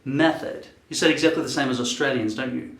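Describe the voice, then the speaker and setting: A middle-pitched man in his fifties chats to camera in a loose, wandering way, cursing casually as he thinks aloud. The room around him is echoey. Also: racing, creaky, a bit bright. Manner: rambling, swears casually, muses aloud. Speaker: vlogger. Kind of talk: casual rambling chat to camera.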